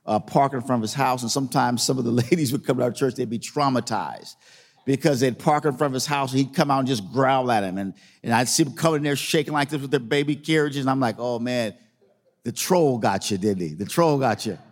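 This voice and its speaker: A man's voice: mid-range voice, fast talker, in a large hall. A man preaching a sermon as a pastor, telling a story in a conversational way and repeating phrases for emphasis.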